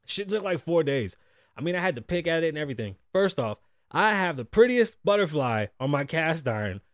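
A man with a high-pitched voice hosts a casual studio talk show, recorded close and dry with almost no room sound. He rants loosely and swears often. He acts out other people's lines in sudden loud bursts. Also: big pitch swings, fairly quick, dry recording. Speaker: podcast host.

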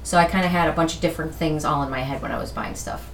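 A woman's voice: deep voice, racing, creaky, slight background noise. A woman in casual chat as the guest who mixed the drinks, easygoing and a bit sheepish. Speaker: guest bartender. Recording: roomy echo.

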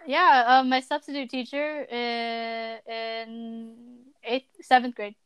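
A woman's voice: a little high, flat delivery, slow, fairly bright tone, clean tone, dry recording. A teenage girl co-hosting a podcast, chatting casually and talking a lot with many fillers. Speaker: podcast co-host. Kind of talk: casual chat.

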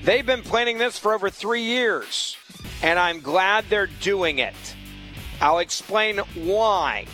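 Combative high-voiced male radio host. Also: expressive, slow, bright, forceful tone, soft background music, rough recording. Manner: emphatic, combative, repeats points for stress. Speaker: fill-in radio talk show host. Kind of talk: political talk radio monologue.

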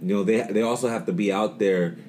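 Male co-host, lowish voice, meandering with lots of fillers. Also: fairly even intonation, a little fast, a little mellow, slight background noise. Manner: rambling, many fillers and restarts. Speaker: podcast co-host. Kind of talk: casual podcast chat.

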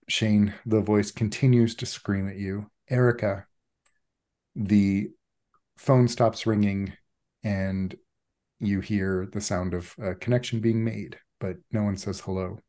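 رجل يدير لعبة أدوار بتأنٍ. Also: male voice, lowish voice, fairly even intonation, takes it slowly, mellow. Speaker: game master. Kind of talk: narrating a tabletop game.

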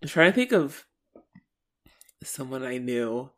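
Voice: mid-range voice, big pitch swings, takes it slowly, fairly bright tone. A podcast co-host chatting casually, rambling through a memory with many fillers. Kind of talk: casual recap chat.

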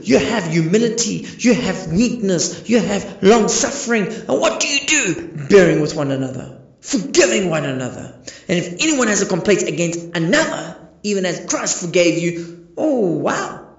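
A man's voice: sits high, creaky. A man preaching a sermon as pastor, emphatic and full of rhetorical questions. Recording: echoey, dull lo-fi recording.

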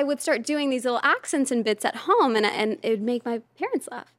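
A woman guest on a podcast, telling stories casually and lively, often slipping into quoted voices. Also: on the high side, a little fast, no room sound, clean studio sound. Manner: animated, lively storyteller who slips into quoted voices. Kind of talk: casual storytelling in conversation.

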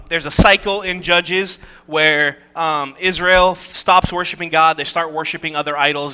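A man with a very bright, forceful tone and a somewhat raised pitch preaches a casual sermon. He moves between reading scripture aloud and easygoing asides, tossing in jokes and rhetorical questions to his listeners. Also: clean tone. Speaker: pastor.

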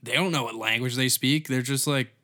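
A man's voice: mid-range voice, brisk, sharp tone. Man, comedy podcast host, rambling monologue, lots of swearing, mumbled asides. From Canada. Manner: rambling, profane, offhand, trailing off into mumbles.

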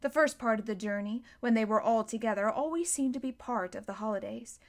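Woman audiobook reader, fairly high voice, even and unhurried narration. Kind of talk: storybook narration.

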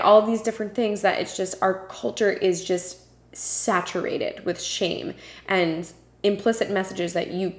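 A woman hosting her own podcast, talking alone in an earnest, passionate way with frequent ums and uhs. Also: medium pitch. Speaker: podcast host. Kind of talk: solo podcast talk. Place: home room with a puppy nearby. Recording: roomy echo.

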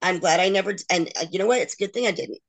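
A woman's voice: fairly low pitch, very fast, vocal fry. Middle-aged woman guest, candid and emotional, acts out others' words as she tells her story. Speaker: interview guest.

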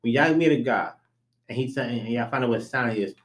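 A man's voice: medium pitch, brisk, a bit bright. A young adult man co-hosting a podcast, asking rambling questions and restarting his sentences in casual chat. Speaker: podcast co-host.

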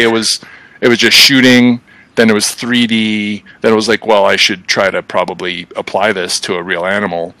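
Middle-aged man, bright profane storyteller. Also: low voice, dry recording, low-quality recording. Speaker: podcast guest. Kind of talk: casual storytelling chat.

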